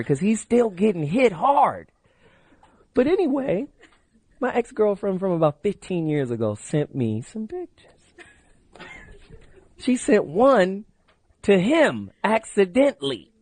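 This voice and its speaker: On a late-night radio call-in show, a middle-aged host speaks in a high, sing-song, darkish voice, a little slow, clean of echo through a studio microphone. He's brash and loose, mixing stories with repeated pushes of the phone number.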